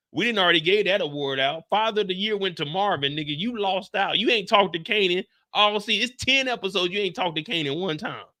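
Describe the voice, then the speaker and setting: A man hosting a live after-show stream, ranting loudly and profanely straight to his chat. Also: high-pitched, dry recording, studio quality.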